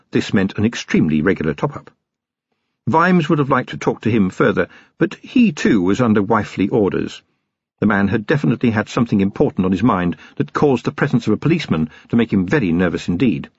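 A man giving expressive, measured scripted narration of an audiobook. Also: lowish voice, husky, no room sound. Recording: slightly dull, dry audio.

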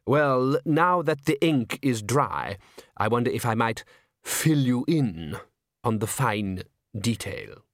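A cool, unsmiling theatre manager, put on by a male narrator, speaking slowly and precisely with a dry edge. Each phrase is measured and deliberate, recorded close and dry. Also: mid-range voice, animated, no room sound. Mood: sly.

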